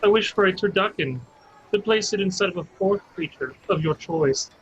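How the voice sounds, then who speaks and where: A man playing a tabletop game, reasoning in a measured, dry way. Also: high voice, animated, slightly rough. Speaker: player. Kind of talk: casual tabletop game chat. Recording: dull lo-fi mic with faint noise.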